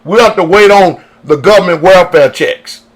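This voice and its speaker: On a radio sermon, a pastor with a high-pitched voice preaches emphatically at normal speed. He fires off rhetorical questions and draws responses from his listeners.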